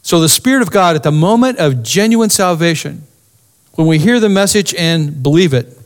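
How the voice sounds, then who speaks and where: Male pastor, slightly higher voice, expressive sermon delivery with hushed asides. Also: normal speed. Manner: expressive preaching, drops to near-whisper for emphasis.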